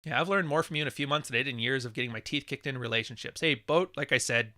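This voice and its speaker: A man's voice: mid-range voice, racing, bright, forceful tone, no room sound, studio quality. A man hosting a live podcast, reading chat messages and talking in a blunt, profane, wisecracking way. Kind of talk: casual livestream monologue.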